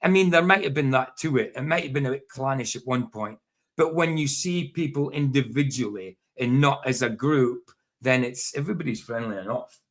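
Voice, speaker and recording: A man speaks with a broad Doric accent from Scotland's northeast. His voice sits at an ordinary middle pitch, and he chats loosely, laughing often and repeating phrases as he goes. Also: normal speed, fairly bright tone. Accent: Doric Scottish. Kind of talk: casual chat.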